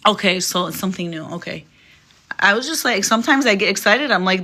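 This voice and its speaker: Chatty woman live-streaming, bright voice. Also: mid-range voice, fairly quick, creaky. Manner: chatty, rambling, laughs often. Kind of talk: casual live-stream chat and poem reading.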